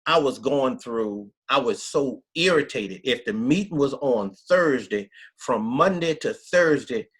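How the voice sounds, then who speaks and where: A man's voice: mid-range voice, expressive, unhurried, few pauses, fairly bright tone, breathy edge. A middle-aged man, a pastor, telling his story in an interview with emphatic, earnest country talk. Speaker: pastor, guest.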